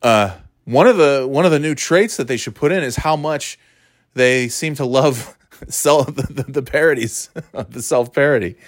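A man's voice: mid-range voice, normal speed, no echo. Dry-voiced rambling sardonic man. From US East Coast. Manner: rambling, sardonic, lots of restarts and fillers. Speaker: vlogger. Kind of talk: casual rambling monologue.

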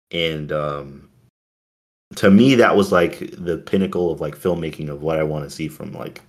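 A man co-hosting a casual chat, rambling and gushing as he talks about a film. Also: extremely low pitch. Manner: rambling, gushing fan talk.

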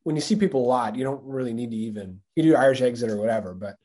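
Husky-voiced man joking through a podcast. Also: medium pitch. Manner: joking, animated, quick bits of put-on voices. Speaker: podcast co-host. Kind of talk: casual comedic chat.

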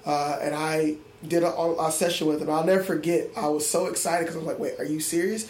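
A man's voice: fairly high pitch, level tone, fairly quick, a little hiss or hum. A man, a middle school music teacher, talking earnestly and reflectively in an interview, often restarting his sentences. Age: adult. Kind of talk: interview conversation. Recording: echoey room with faint ambience.

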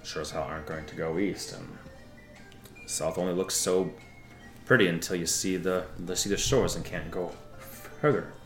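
A man narrating a tabletop game as game master, telling a character's backstory in a slow, drawn-out way with laughs and restarts. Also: sits low, roomy sound, soft background music.

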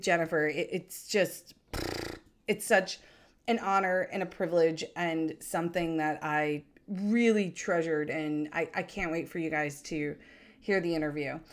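A woman hosting a podcast, chatting in a bubbly, enthusiastic way that rambles with fillers. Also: on the low side. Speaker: podcast host.

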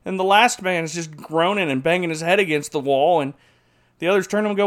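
A man's voice: sits high, fast, fairly bright tone. A man hosting a comedy podcast, bantering casually and telling punchline jokes. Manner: joking, telling punchline jokes with put-on quote voices. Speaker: podcast host.

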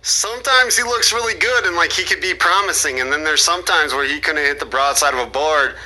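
A man's voice: a little high, fairly quick, bright, forceful tone, low-quality recording. A man hosting a casual sports talk, easygoing and asking leading questions. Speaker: podcast host.

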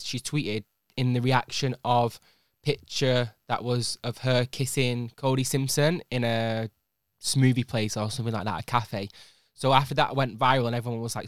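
A man's voice: mid-range voice, steady tone, normal speed, dry recording, clean studio sound. A young man co-hosting a casual podcast, joking and teasing. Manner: joking, teasing, reads quotes aloud. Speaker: podcast co-host. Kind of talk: casual chat.

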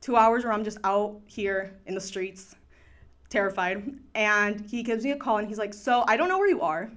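With a medium pitch and fairly bright tone, this young woman tells a story at normal speed. As a student storyteller, she's casual and chatty, saying "like" constantly and slipping in the odd Spanish word.

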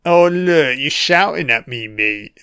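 A man's voice: mid-range voice, lively intonation, slow, bright, forceful tone, clear, resonant tone, no echo, clean studio sound. A British man giving an audio commentary over a film, swearing constantly and heckling the characters on screen.

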